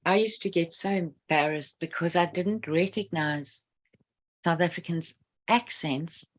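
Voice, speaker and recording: A woman with a somewhat low voice speaks softly in a relaxed chat. She mostly agrees and adds short comments. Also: measured pace. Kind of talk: casual chat.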